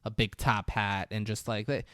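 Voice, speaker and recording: A man's voice: on the low side, steady tone, normal speed, a bit bright, dry recording. Podcast host, male, loose rambling recap with swearing, dry close sound. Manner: rambling, profane storytelling with laughs. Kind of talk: casual movie recap.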